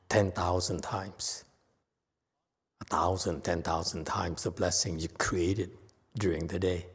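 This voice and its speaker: Playful monk teaching in an echoing hall. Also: male voice, lowish voice, breathy edge. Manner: playful, laughs often, short broken phrases. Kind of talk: informal dharma talk. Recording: reverberant hall.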